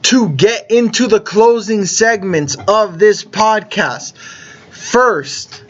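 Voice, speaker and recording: A man's voice: sits high, takes it slowly, a bit bright. A man hosting a fantasy football podcast, leading segments in a laid-back way. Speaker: podcast host, league commissioner. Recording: dull lo-fi audio.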